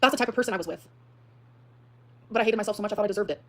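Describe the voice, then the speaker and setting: A woman's voice: mid-range voice, racing. A woman ranting dramatically in a vlog, swearing often and telling a heated personal story. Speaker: streamer in a clip being reacted to.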